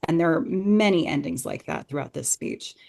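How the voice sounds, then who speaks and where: Earnest woman with a lowish voice. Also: normal speed, creaky, a little mellow. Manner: earnest and enthusiastic, thinking aloud. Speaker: podcast guest discussing Shakespeare. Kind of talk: conversational analysis.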